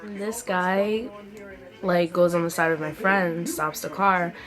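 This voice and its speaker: A young woman hosts a story-time vlog, talking in a lowish voice. She rambles animatedly with frequent "like"s. Music plays clearly under her voice. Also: slow. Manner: chatty, animated storytelling with many "like"s. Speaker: vlogger. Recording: music playing behind the voice.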